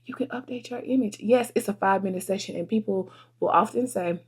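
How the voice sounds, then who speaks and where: A woman's voice: mid-range voice, brisk, darkish tone, breathy edge. A woman, chatting earnestly and heartfelt to her viewers at her desk. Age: 30s. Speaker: vlogger and photographer. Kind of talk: casual desk chat to camera.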